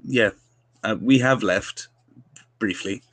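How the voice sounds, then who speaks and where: A man's voice: on the low side, slow, fairly bright tone, no echo. A young man hosting a casual interview, telling jovial, self-deprecating anecdotes. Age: young adult. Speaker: podcast host.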